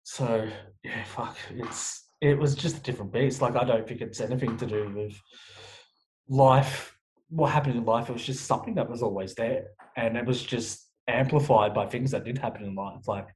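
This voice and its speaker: A man's voice: medium pitch, moderate pace, a little mellow, slight background noise, low-quality recording. A young man talking frankly as an interview guest, swearing often and restarting his sentences. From Australia. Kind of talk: candid interview talk.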